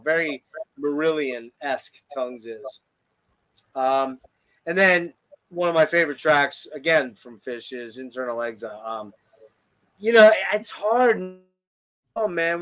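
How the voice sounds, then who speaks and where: He's a podcast host with a highish, somewhat bright voice, chatting casually about music. Reviewing an album, he swears liberally and can't stop gushing about the tracks.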